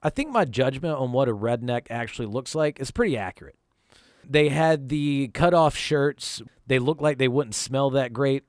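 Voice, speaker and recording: Storytime vlogger from North Carolina, animated pitch, casual and swearing, dry close sound. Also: male voice, normal speed, dry recording. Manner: profane, conversational, emphatic. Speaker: vlog host telling a personal story.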